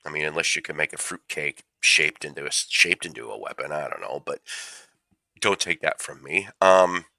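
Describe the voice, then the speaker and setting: A man's voice: a bass voice, pushed and bright, no room sound. A man, fighting a cold, hosting a casual livestream and rambling through stories with jokey asides. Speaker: livestream host. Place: home room with his cat.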